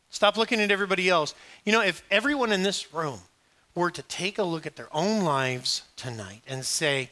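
A middle-aged male pastor preaching a sermon, joking and storytelling with sudden hushed asides. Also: sits high, moderate pace.

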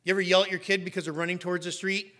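Racing through his sermon with a flat delivery, a high-pitched middle-aged pastor preaches emphatically. Now and then he breaks into sharp shouts.

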